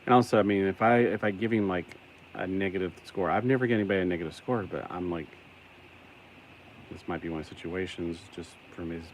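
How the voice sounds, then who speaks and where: A man's voice: low-pitched, fast talker, slight background noise, low-quality recording. A man talking casually on camera while cleaning a secondhand toy, rambling and self-deprecating, often grossed out. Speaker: toy collector vlogger. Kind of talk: casual unboxing vlog.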